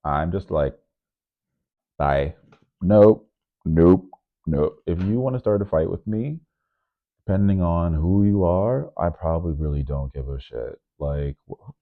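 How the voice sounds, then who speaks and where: Deep-voiced man rambling in a tinny vlog. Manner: rambling, animated, swings suddenly into high loud bursts; nervous on camera. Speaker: DJ and vlogger. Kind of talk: casual vlog monologue. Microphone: microphone. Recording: narrow phone-like sound.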